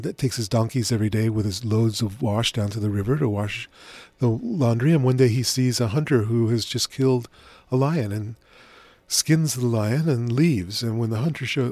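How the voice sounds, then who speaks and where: A middle-aged man as a radio interview guest, telling stories in a gentle, unhurried way. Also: mid-range voice, dry recording. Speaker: author and spiritual teacher as guest. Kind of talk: relaxed radio interview storytelling.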